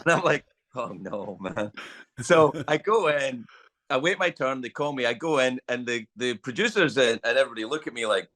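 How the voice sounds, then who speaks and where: A middle-aged Scottish man, a podcast guest, tells a story in a casual chat, speaking in a mid-range voice at a slightly fast clip. He's an animated storyteller who swears freely and acts out the lines of the people involved.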